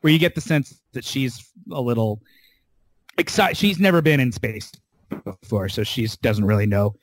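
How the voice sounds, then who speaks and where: A man in easy podcast chat recaps an episode in an animated, storytelling way with casual swearing. His voice sits at a middle pitch. The room is dry and close, with no echo. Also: moderate pace. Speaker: podcast co-host.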